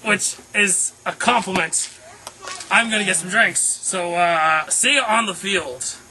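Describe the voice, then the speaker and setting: A man's voice: high voice, measured pace. A man talking in a casual, rambling way full of fillers in an improvised comedy sketch. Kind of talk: improvised comedy web series.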